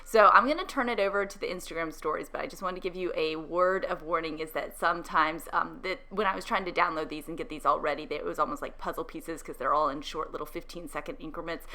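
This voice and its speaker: A woman talks casually to camera, rambling and hesitant, full of ums and restarts. Her voice sits a little low but sounds bright and forceful. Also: fast talker, hardly any pauses. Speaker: beekeeping vlogger. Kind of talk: casual video intro.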